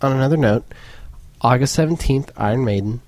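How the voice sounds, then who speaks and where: A man's voice: medium pitch, a little fast, crowd noise. A man hosting a casual podcast with friends, joking around and swearing freely. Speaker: podcast host. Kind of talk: casual chat among friends.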